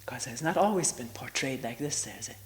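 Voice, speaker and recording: A woman in her sixties giving a reflective spiritual talk as a meditation retreat teacher. She talks slowly and searchingly, with long pauses and often drops into a half-whisper. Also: very deep voice, animated, poor audio.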